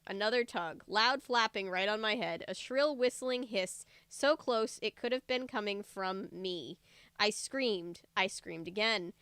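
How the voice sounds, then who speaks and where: A woman's voice: fairly high pitch, fairly bright tone, clear, resonant tone, no echo. A woman reading a book aloud on a livestream, breaking off for chatty, joking asides. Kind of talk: casual read-aloud livestream.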